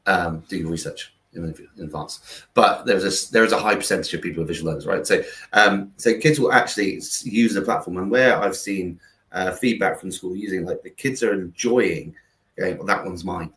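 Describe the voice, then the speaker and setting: A man's voice: sits low, a little fast, a bit bright, echoey room. A man, a guest telling stories in a rambling interview full of fillers and restarts over a video call. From England. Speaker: guest, founder of a kindness platform. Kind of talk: conversational interview, storytelling.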